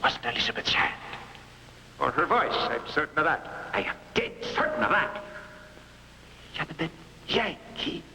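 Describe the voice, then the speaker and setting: A man's voice: fairly high pitch, big pitch swings, moderate pace, pauses often, background noise. An actor playing a frightened, hunted blind man in a 1960s TV drama, pleading and stammering, often dropping to worried half-whispers. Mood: desperate. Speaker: lead actor.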